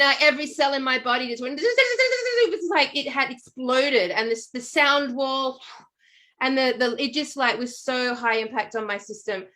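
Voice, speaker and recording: A woman talks with a slightly high voice in casual conversation. She tells stories in an animated, rambling way, full of fillers and restarts. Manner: animated storytelling with many fillers. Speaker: podcast co-host. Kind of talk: casual chat.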